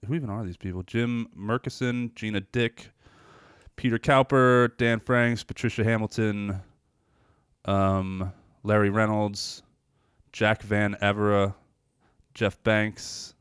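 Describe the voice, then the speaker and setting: A man's voice: fairly low pitch, fairly even intonation, slow pace, pauses often, a bit bright, clean tone, no room sound, studio quality. A man co-hosting a movie podcast, talking casually and rambling with frequent restarts and laughs. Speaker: podcast co-host.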